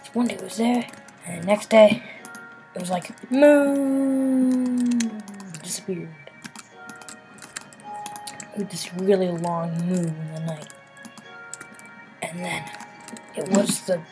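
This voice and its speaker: A woman chatting casually while building in a game, playful and silly, rambling to herself and sometimes dropping into soft murmurs. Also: fairly low pitch. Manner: drops into soft murmurs and whispers. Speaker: Minecraft builder. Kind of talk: casual gameplay commentary. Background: background music and keyboard clicks.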